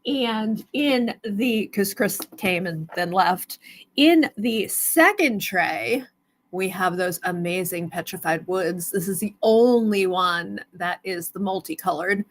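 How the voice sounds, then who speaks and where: A woman's voice: medium pitch, lively intonation, takes it slowly. A woman hosting a live stone sale stream, chatting casually and greeting viewers by name.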